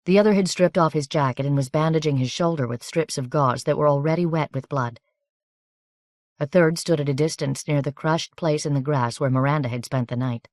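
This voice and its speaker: A woman narrating an audiobook in an even, measured, scripted reading on a close studio microphone. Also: low-pitched, no echo.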